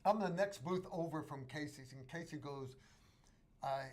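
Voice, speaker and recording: A man's voice: medium pitch, normal speed, darkish tone. An American man hosting a livestream, telling a rambling story with frequent restarts and fillers. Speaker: host.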